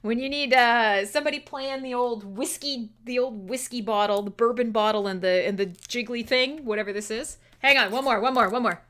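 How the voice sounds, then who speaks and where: A woman's voice: a little high, brisk, hardly any pauses, a bit bright, slight background noise. A woman hosting a casual livestream radio show, chatty and scattered, giggling a lot and swearing freely. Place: home streaming setup.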